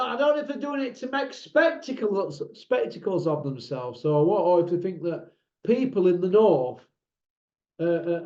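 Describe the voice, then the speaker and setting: A northern English man hosting his channel rants to camera in a blunt, mocking way. His voice is high with a darkish tone, and the recording is roomy, dull and lo-fi.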